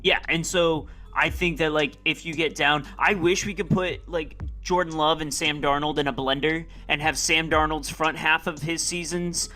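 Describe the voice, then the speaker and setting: A man co-hosts a sports podcast, talking hesitantly as he works through his points. His tone is bright and sharp, and his voice sits slightly high. Faint music plays softly underneath. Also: fairly even intonation, normal speed, hardly any pauses. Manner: hesitant, thinking aloud with fillers. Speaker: podcast co-host. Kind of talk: casual sports chat.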